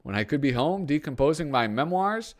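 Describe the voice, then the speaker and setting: Man putting on wisecracking old comedian, sardonic, raised pitch, loud. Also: big pitch swings, fairly quick. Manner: wisecracking, punchy delivery.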